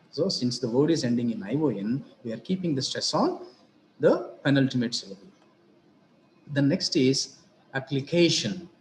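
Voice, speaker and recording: A man giving a grammar lesson on word stress, speaking slowly and deliberately and repeating example words. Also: mid-range voice, echoey room, a little hiss or hum. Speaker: English teacher.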